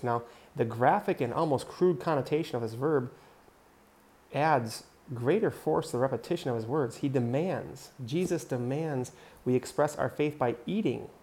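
Male preacher, gravelly and warm, earnest scripture teaching spoken direct to listeners. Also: mid-range voice.

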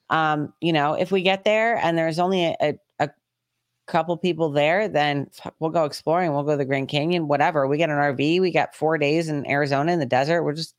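A man co-hosting a podcast in relaxed back-and-forth chat, his voice a little higher than most men's. He comes across as easygoing and agreeable. The recording is close and dry. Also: dry recording. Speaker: podcast co-host. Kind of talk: casual chat.

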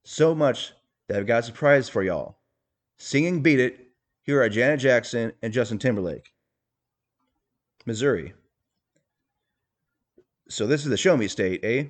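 A man's voice: mid-range voice, lively intonation, measured pace, long pauses, close to an everyday voice. A man playing an awkward, boastful rich politician in a comedic impression monologue, bragging in a stiff, folksy way with clumsy jokes.

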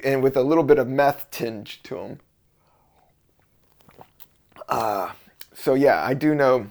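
A middle-aged man from the Virginia and D.C. area, hosting his show as a stand-up comic in a loose, profane, rambling monologue. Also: mid-range voice. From Virginia and Washington D.C. area, US. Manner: loose, profane, rambling, drifting between topics. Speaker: podcast host and stand-up comedian.

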